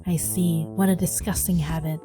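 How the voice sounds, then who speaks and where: A woman's voice: fairly low pitch, level tone, moderate pace, music in the background, lightly acted. A woman voicing a strict middle-aged mother in a story game, reading her lines in a lecturing, nagging way. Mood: stern.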